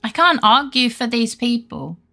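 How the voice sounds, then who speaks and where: A woman's voice: a little high, very animated, normal speed, creaky, pushed and bright, faint music behind. A young woman chatting casually on a game live stream, reading chat and rambling with freely dropped swears.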